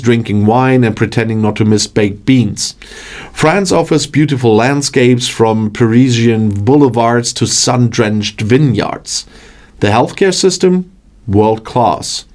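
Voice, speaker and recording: A man's voice: mid-range voice, darkish tone. A man hosting his channel, reading a scripted narration with a wry, joking delivery. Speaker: channel host.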